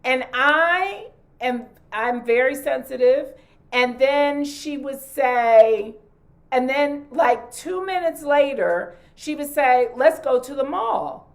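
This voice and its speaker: A woman's voice: sits high, slow pace. A woman in a casual group chat, speaking reflectively and restarting her sentences as she finds her words. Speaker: panel guest sharing stories.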